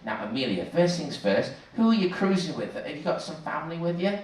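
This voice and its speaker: A man's voice: a little high, fairly quick. A man with a Manchester accent hosting a cruise ship show on stage, teasing the audience with jokes. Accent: Manchester English. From England. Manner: joking, teasing, lively showman. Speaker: cruise director. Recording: echoey theater heard from far off over crowd noise. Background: audience cheering and laughing.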